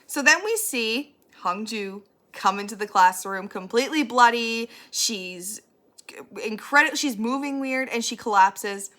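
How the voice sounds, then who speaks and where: A woman giving a casual spoiler recap of a show, blunt, opinionated and quick to swear. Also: a little high. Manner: blunt and ranty, swears freely; animated and opinionated. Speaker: YouTuber recapping a TV episode.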